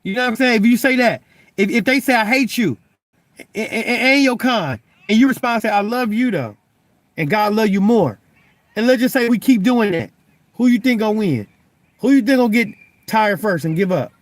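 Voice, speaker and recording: A very high-pitched male voice, a little fast and with no room sound, belongs to a young Christian vlogger. He preaches loosely and conversationally, often stammering and repeating words to press his point, and he keeps asking "you know what I'm saying."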